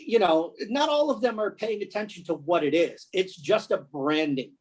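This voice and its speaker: A man co-hosting a casual podcast, talking in a rambling, halting way with many restarts. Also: high voice, a crowd in the background, poor audio. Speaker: podcast co-host. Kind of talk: casual chat.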